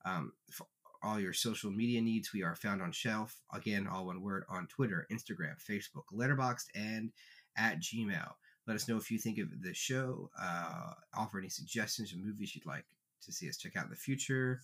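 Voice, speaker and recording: Bright-voiced male podcast host. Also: on the low side, normal speed. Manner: rambling, self-correcting, laid-back. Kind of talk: casual movie-review chat.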